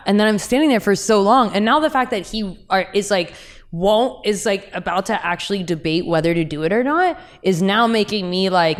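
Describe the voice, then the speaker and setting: A young woman hosting a podcast, telling stories in a candid, animated way with laughs and asides. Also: mid-range voice, brisk. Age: young adult. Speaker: podcast host. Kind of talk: casual podcast chat.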